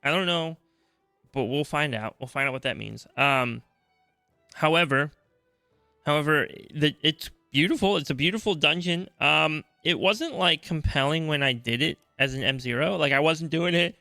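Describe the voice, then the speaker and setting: A man's voice: a little high, moderate pace, creaky, sharp tone, dry recording, soft background music. A man co-hosting a casual gaming podcast, rambling and restarting, sleepy this early morning. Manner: rambling, restarts often, slips into quoted reactions. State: sleepy, yawning. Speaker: podcast co-host.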